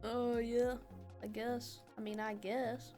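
Woman, slow and giggly in casual banter, fairly high voice, faint music behind. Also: flat delivery, dark tone. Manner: giggly, drawn-out speech. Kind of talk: casual joking chat.

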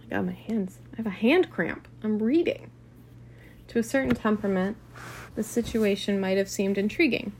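A woman's voice: medium pitch, darkish tone, slight background noise. A woman reading a classic novel aloud in a casual, unpolished way, with occasional restarts and asides. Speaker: reader.

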